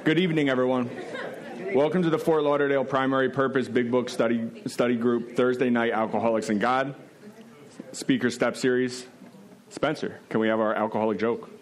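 Man, meeting chair, formal welcome, loud crowd, far from the mic. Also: medium pitch, fairly even intonation, a little fast. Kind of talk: opening a meeting.

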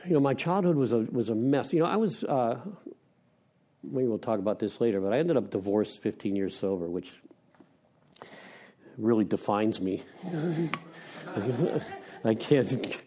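A man's voice: medium pitch, expressive, a little slow, pauses often, mellow. A middle-aged man from Pennsylvania giving a candid personal share at a recovery meeting, frank and wry, rambling with restarts and self-deprecating laughs.

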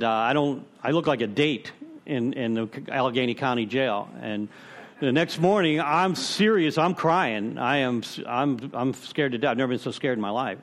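A man sharing his personal recovery story with a group, conversational and self-deprecating, full of "you know" and repeated phrases. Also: mid-range voice. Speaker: speaker at a recovery meeting.

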